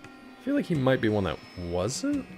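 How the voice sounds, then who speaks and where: A man's voice: medium pitch, wildly swooping pitch, moderate pace, gravelly, over music. A young man chatting casually on a live stream, answering chat and hopping between topics while he plays. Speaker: game streamer.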